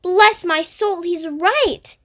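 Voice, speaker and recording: A woman's voice: very high-pitched, normal speed, bright, forceful tone, pitched above the performer's own voice. A woman voicing an old green grasshopper that wails and exclaims in a storybook reading. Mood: startled. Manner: wailing, exclamatory.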